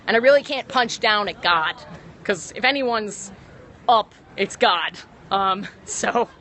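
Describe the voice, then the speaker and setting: A woman's voice: medium pitch, animated, slow pace, a bit bright. A young woman stand-up comedian chatting casually on a livestream from a city street, rambling and correcting herself as she talks into a phone. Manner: rambling, full of ums and self-corrections. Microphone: phone held to stream. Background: faint street traffic.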